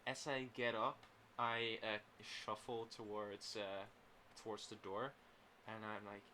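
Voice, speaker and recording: A man's voice: on the low side, level tone, slow pace, pushed and bright, a little hiss or hum. A young man playing a tabletop role-playing game, talking hesitantly with many fillers and restarts. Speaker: player. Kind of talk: casual tabletop role-play.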